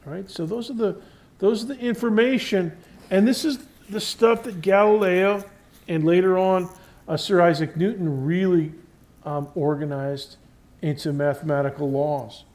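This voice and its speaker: A man's voice: sits high, normal speed, darkish tone. A man giving a university physics lecture in a conversational classroom style, often checking in with the class and stressing key terms. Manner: stresses key words while explaining.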